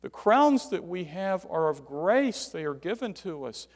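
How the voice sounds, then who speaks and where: A male preacher delivering a sermon in a fairly high, gravelly voice, swinging from loud stresses to near-quiet drops. His words ring out into a long hall reverb. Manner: emphatic, rises and drops sharply for stress.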